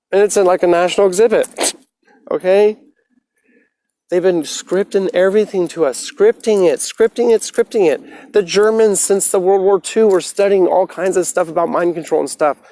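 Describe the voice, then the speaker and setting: Profane, preachy man ranting on a livestream. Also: high voice. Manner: profane, preachy, swings from soft to loud ranting. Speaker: motivational livestreamer. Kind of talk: casual rambling livestream rant. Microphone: phone.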